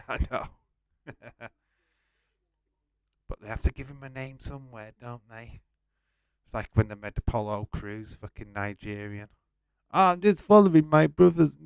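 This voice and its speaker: Low-ish voiced guy, swears a lot, chatting to viewers on a live stream, dry mic. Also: a bit bright, clean tone, no echo. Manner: blunt, swears freely, reads out viewer comments. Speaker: wrestling watch-along host. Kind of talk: casual live-stream chat.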